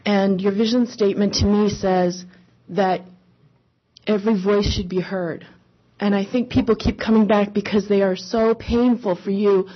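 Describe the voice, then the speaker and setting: A woman's voice: medium pitch, fairly even intonation, normal speed, highs cut off. A woman giving emotional public testimony at a meeting, earnest and pleading, close to tears and apologizing as she speaks from the heart.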